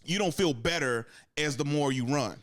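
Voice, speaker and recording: A young man co-hosting a casual sports podcast. He rambles and swears, and he acts out quotes in sudden higher bursts. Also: moderate pace, fairly bright tone, no room sound, clean studio sound. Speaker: podcast co-host.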